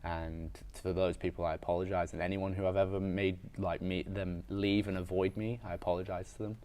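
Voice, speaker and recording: A man's voice: low voice, little pitch movement, a little fast, a little mellow. A man, a strength coach and podcast guest, talking frankly and reflectively about himself in a casual, filler-heavy way. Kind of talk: candid conversational storytelling.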